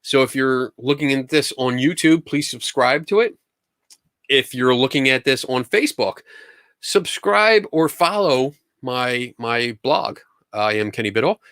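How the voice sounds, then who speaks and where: A man's voice: medium pitch, fairly bright tone, no room sound, studio quality. A man hosting a live question-and-answer stream, talking casually in an upbeat, enthusiastic way, often restarting his sentences. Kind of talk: casual livestream chat.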